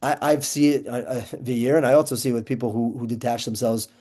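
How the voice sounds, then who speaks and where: A man's voice: medium pitch, little pitch movement, fast talker, warm tone. A man giving a casual Torah class, talking loosely with restarts and Hebrew terms mixed in. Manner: conversational, many restarts and fillers, Yeshivish Hebrew terms. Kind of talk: casual lecture on a Jewish ethics text.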